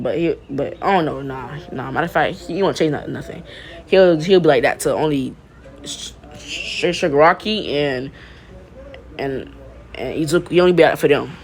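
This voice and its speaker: A young man casually retelling a fan-made story, stumbling over restarts and tossing in profane slang. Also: on the high side. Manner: stammering restarts, profane slang, laughs at himself.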